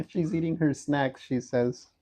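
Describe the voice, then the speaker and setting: A man giving a casual livestream update from a hospital room, talking haltingly with many fillers and restarts. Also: fairly high pitch, lively intonation, warm tone, husky. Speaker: livestream host updating viewers.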